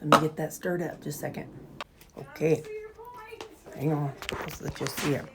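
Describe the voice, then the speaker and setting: A woman's voice: sits low, steady tone, normal speed, very noisy. A woman vlogging casually from her home kitchen, rambling along with plenty of fillers and restarts. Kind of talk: casual chatty diet vlog. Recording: echoey kitchen with dish clatter.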